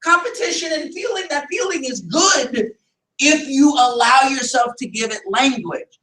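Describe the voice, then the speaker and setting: A man's voice: very high voice, lively intonation, a little slow, pushed and bright. A man leading a business team meeting, talking emphatically, firing rhetorical questions and sometimes raising his voice. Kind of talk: motivational team meeting talk. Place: meeting room with a group. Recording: echoey room, picked up from a distance.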